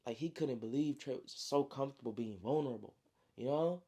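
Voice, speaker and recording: A man's voice: medium pitch, brisk, dark tone. A man casually retelling his own story like a friend, slangy and full of spoken sound effects. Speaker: storyteller, author.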